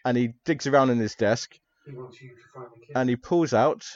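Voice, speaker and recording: A man's voice: medium pitch, a little slow, a little mellow, natural voice. A jovial, hearty old-school professor, friendly and fond of a drink, as a man plays him at the gaming table. He talks in a chummy, familiar way, a little muffled.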